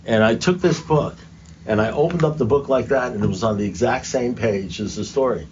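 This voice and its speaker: A man's voice: medium pitch, fairly quick, background noise. An older man speaking at a recovery meeting, telling his story to a group in a conversational, self-mocking way, recorded in a muffled, lo-fi room.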